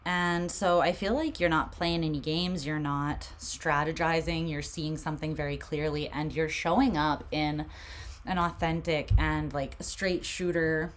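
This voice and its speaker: A woman with a low, soft voice gives a casual tarot reading. She talks in a meandering, reflective way. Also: fairly even intonation, unhurried, slight background noise. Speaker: tarot reader.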